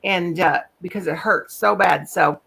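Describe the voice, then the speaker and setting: A woman's voice: on the low side, a little slow, vocal fry, fairly bright tone, husky. Rambling folksy woman telling a story. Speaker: live stream host. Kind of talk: casual chat.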